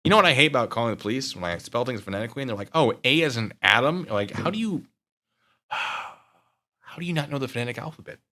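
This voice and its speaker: A man's voice: medium pitch, sing-song, fast, pushed and bright. A man hosting a stream, chatting casually with his viewers in a rambling, joking way. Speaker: streamer and video host. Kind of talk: casual chat to live chat.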